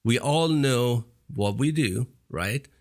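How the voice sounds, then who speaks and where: A man's voice: mid-range voice, expressive, slow pace, a little mellow. Podcast host, male, non-native English with an accent, chatty, filler-heavy. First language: not English. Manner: accented English, many "you know" fillers and restarts. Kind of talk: casual interview chat.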